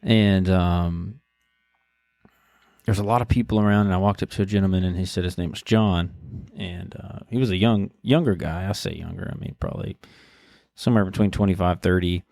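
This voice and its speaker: A man in his thirties from Texas, hosting a podcast and telling a story casually with halting restarts and fillers. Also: deep voice, creaky, a little mellow, dry recording. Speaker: podcast host.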